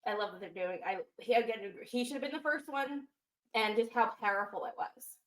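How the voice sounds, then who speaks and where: Emotional female co-host, slightly high, recorded in an echoey room. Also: a little fast, a bit bright. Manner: gushing, emotional, filler-heavy retelling. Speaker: podcast co-host. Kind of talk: casual wrestling recap chat.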